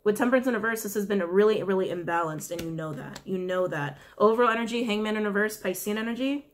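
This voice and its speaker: A woman at a middle pitch for her sex gives a loose, conversational tarot reading. She speaks casually and bluntly, swears without hesitation, and keeps repeating her questions to the cards as she draws. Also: quick pace, soft background music. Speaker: tarot reader.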